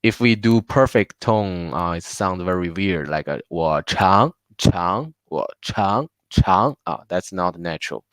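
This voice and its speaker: A man with a Chinese accent, Mandarin his first language, teaching pronunciation and saying each word several times. His voice sits low and moves slowly. It is smooth and clear, recorded close and dry with no room sound. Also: lively intonation, no echo. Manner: patient, repeats words slowly for learners. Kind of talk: live online language class. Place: home.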